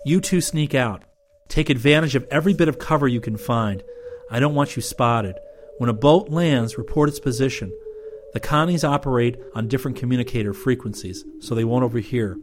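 A man voicing a decisive young male space marine officer who gives brisk commands. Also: mid-range voice, noisy background, natural voice. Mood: commanding.

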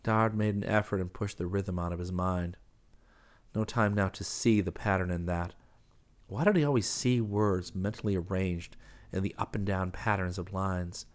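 Male audiobook narrator, deep and monotone, even storytelling. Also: normal speed. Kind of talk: scripted narration.

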